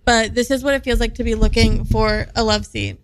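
A woman's voice: fairly high pitch, fairly even intonation, fairly quick, no room sound, rough recording. A woman co-hosting a casual show, talking in an easygoing, descriptive way. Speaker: podcast co-host. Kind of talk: casual chat.

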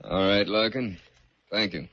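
An actor playing an easygoing, matter-of-fact army colonel in an old-time radio drama. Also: male voice, on the low side, measured pace, lightly acted. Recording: muffled old radio recording.

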